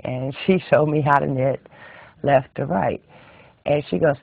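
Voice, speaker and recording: A man's voice: fairly high pitch, normal speed, vocal fry, no room sound. A middle-aged man hosting a casual knitting tutorial, chatty and rambling, often repeating phrases, in a tinny, dry recording. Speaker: knitting channel host.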